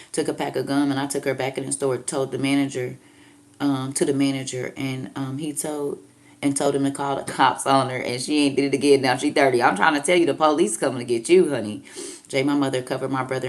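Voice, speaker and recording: Woman, 50s, very low voice, emphatic, preachy, casual livestream host. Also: darkish tone. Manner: emphatic, preachy, repeats "I'm trying to tell you". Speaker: livestream host reading viewer comments.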